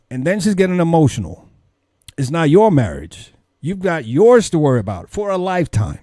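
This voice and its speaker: Guy doing preachy church-news commentary, mellow tone, dry close sound. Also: fairly high pitch, big pitch swings, moderate pace, no echo. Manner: questioning, preachy. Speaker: commentary channel host. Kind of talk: religious commentary.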